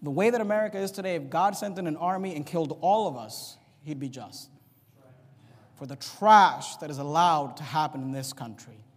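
A man's voice: fairly high pitch, normal speed. A male pastor preaching a fiery, emphatic sermon, stretching out his stressed words. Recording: long reverb of a large hall.

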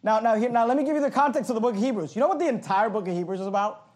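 A man preaching a passionate sermon, reading scripture slowly and emphatically and adding sarcastic asides. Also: very high-pitched, a little mellow. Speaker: pastor.

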